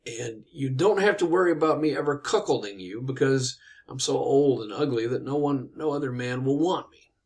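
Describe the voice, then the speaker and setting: A man's voice: medium pitch, normal speed, lightly acted. A man voicing a bold, insistent old woman in a casually told story, plain-spoken and persuasive.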